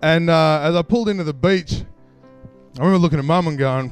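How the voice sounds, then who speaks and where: Australian male storyteller, casual and self-mocking, fairly high, smooth voice, live stage mic, faint music behind. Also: fast talker. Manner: casual, self-deprecating, laughs through lines. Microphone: stage microphone.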